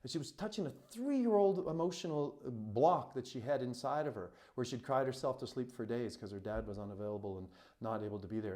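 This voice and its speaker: A man's voice: medium pitch, darkish tone. A man who works as a coach and retreat facilitator tells a personal story to camera in an earnest, emphatic, heartfelt way, with many "you know" fillers.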